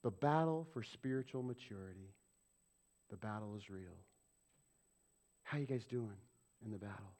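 Animated male pastor preaching. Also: lowish voice. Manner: animated, asks the congregation questions and acts out quick quoted voices. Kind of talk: sermon. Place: church.

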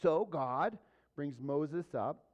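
A man delivering a sermon in a fairly high voice, teaching in a casual way and asking the congregation question after question. The recording sounds dull and lo-fi. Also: expressive, extremely slow. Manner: conversational preaching with rhetorical questions. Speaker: pastor.

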